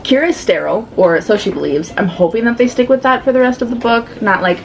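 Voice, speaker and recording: A woman chatting casually in a reading vlog, giving animated, sassy commentary on a book and laughing often. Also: fairly high pitch, quick pace, few pauses, a little hiss or hum. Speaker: book vlogger.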